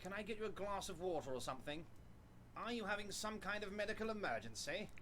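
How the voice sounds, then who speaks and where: A man's voice: sits high, animated, fast, a little hiss or hum. A man voicing a large, jovial, scheming union boss in a video game, overly polite and insistent. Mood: courteous. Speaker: game character. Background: loud game music.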